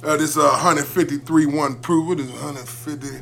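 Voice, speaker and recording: A man's voice: on the high side, steady tone, moderate pace, gravelly, a bit bright, slight background noise. A middle-aged man co-hosting a casual podcast chat, profane and joking in a drawling way. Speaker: podcast co-host.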